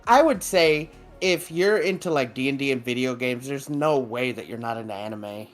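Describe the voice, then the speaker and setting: Male podcast co-host, mid-pitched, loose rambling banter, laughs easily. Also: lively intonation, moderate pace, faint music behind. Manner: rambling, laughs often, swears casually. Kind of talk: casual chat.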